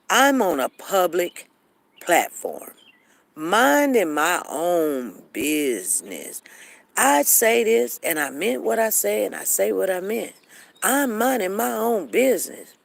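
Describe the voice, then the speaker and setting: A woman's voice: medium pitch, vocal fry. A woman hosting a casual live chat room, acting out both sides of arguments and repeating phrases.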